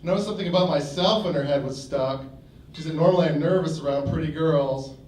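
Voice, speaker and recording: A male standup comedian in a comedy club, telling jokes with a dry, deliberate delivery. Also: fairly high pitch, darkish tone, recorded from a distance. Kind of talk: standup routine. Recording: echoey club from afar.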